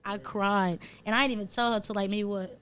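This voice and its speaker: A woman's voice: medium pitch, steady tone, fairly quick, fairly bright tone. Slangy woman telling a heartfelt story. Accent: New Jersey. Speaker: podcast guest. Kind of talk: casual podcast chat.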